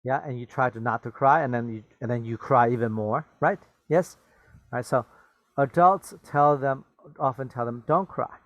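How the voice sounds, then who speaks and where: A man's voice: medium pitch, normal speed, no room sound, dull audio. A man teaching English vocabulary, repeating and explaining words and slipping into glosses, checking in with "okay?" and "right?". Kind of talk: bilingual vocabulary lesson.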